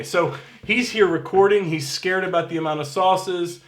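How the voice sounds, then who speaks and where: A man's voice: sits high, fairly even intonation, fairly quick, roomy sound. A man serving as pastor, giving casual church announcements in an upbeat, chatty way and reading scripture aloud.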